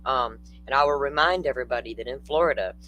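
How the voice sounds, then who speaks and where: An older man hosts a casual true-crime livestream, chatty and blunt as he answers comments from the chat. His voice sits at a middling pitch, with a faint hum under the recording. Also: quick pace, pushed and bright, poor audio.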